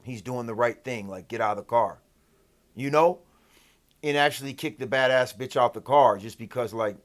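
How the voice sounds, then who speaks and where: A man telling a personal story in a casual, profane, rambling way, often asking "right?". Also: medium pitch. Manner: rambling, loose, peppered with "like" and "right?". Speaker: storyteller vlogger.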